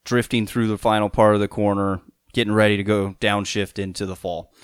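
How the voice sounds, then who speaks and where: Lowish, rambling male podcast voice. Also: little pitch movement, a little fast, clear, resonant tone, no echo, clean studio sound. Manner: rambling, repeats words, laughs easily. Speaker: podcast co-host. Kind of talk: casual chat.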